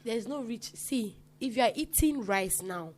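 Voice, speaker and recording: Lively Nigerian woman telling stories. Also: on the high side, unhurried, slight background noise. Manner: animated, acts out quoted people, laughs often. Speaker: podcast guest. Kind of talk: casual storytelling chat.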